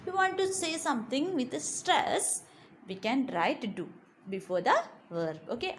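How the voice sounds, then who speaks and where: Lively-voiced woman teaching grammar. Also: sits high. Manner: frequent "okay" and short pauses between points; stresses example words strongly. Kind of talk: explaining grammar in a recorded lesson. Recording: faint background noise.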